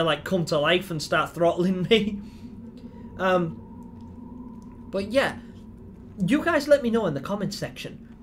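Male gamer, higher voice, excitable sweary commentary over clear game sound. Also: a little hiss or hum. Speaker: gaming YouTuber. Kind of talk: let's play commentary.

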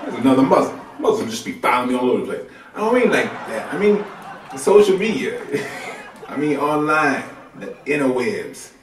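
Lively, loose stand-up comic man. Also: mid-range voice, a little fast, noisy background. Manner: loose, conversational, colloquial delivery with lively swings. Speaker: stand-up comedian. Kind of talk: stand-up comedy set. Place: comedy club stage. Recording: roomy club sound from a distant mic.

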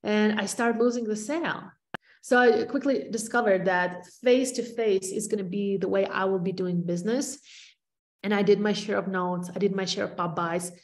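A middle-aged woman with a non-native English accent, giving an energetic training talk to fellow real estate agents over a video call. She stresses points by repeating her words. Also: mid-range voice, normal speed.

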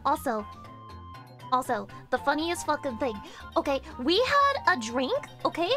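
A young woman streaming, chatting casually with her viewers and swearing with loud outbursts. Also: high voice, sing-song, unhurried, over music. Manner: profane, loud outbursts, rowdy. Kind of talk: casual chat reading chat messages.

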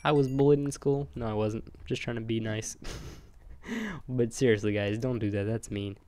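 Excitable young man narrating his gameplay. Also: lowish voice, moderate pace, clean tone. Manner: chatty, excitable, jokey, talks to viewers. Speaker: gamer. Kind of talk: let's play commentary.

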